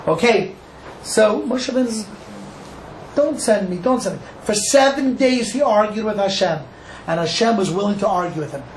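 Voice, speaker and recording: Animated rabbi teaching in an echoey room. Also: male voice, sits high. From Cleveland, Ohio. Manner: animated, acts out dialogue, asks the audience questions. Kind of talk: Torah class to a live group. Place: echoey room with a small audience. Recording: echoey room with faint noise.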